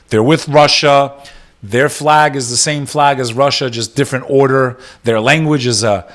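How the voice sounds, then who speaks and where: A man hosting a live news-reaction podcast. He reads headlines aloud and then breaks into profane, sarcastic rants that grow heated. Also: on the high side.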